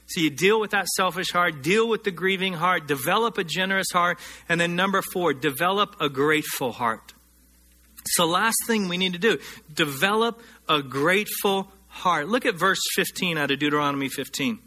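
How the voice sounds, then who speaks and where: A man preaching a sermon, earnest, slowing down and rising in pitch to stress scripture passages. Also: bright, forceful tone. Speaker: pastor.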